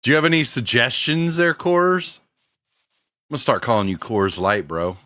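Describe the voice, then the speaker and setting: A man's voice: mid-range voice, big pitch swings, moderate pace, pushed and bright, no room sound. A middle-aged man streaming a game, chatting casually in slangy talk and laughing often. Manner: laid-back slangy, laughs a lot. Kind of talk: casual live-stream chat.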